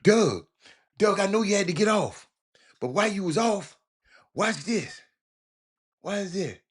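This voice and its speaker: High-voiced man preaching with stammering restarts. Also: expressive, a little slow, husky. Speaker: show host. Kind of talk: casual talk show monologue. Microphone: phone call.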